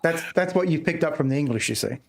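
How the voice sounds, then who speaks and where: A man's voice: fairly high pitch, lively intonation, fast, gravelly. A man from Australia with an Australian accent, co-hosting a casual live stream with dry, teasing humour. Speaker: stream co-host.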